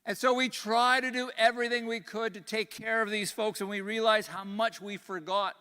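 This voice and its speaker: Older canadian guy w a bit of texas twang, high clear voice, talking earnest and folksy, big echoey hall. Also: fairly even intonation, moderate pace. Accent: Canadian with a slight Texas twang. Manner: earnest, folksy, grows quiet on grave points. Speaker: conference speaker. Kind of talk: keynote speech. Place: large conference hall.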